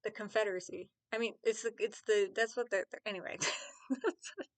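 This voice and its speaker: A woman's voice: mid-range voice, steady tone, fairly quick, no room sound. A woman vlogger chatting casually to camera, rambling, enthusiastic and often correcting herself. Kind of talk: casual fan chat to camera.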